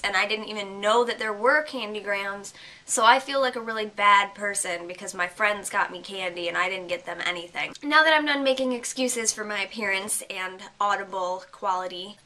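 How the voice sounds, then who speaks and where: A woman's voice: medium pitch, sharp tone. A young woman with a congested voice from a cold hosts a casual opinion vlog, earnestly thinking aloud as she explains her view. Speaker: vlog host.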